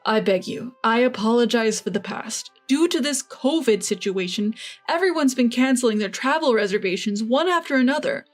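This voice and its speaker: A woman's voice: a little high, lively intonation, moderate pace, faint music behind, lightly acted. A woman voicing a desperate, hot-tempered older father-in-law who begs and blusters in a storytelling narration. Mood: pleading. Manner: pleading then blustering.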